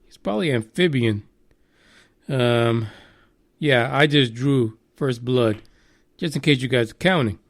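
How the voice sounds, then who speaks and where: A man's voice: medium pitch, measured pace, long pauses, no room sound, clean studio sound. Joking, foul-mouthed podcast host, a man. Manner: profane, joking, animated. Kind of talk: casual live podcast chat.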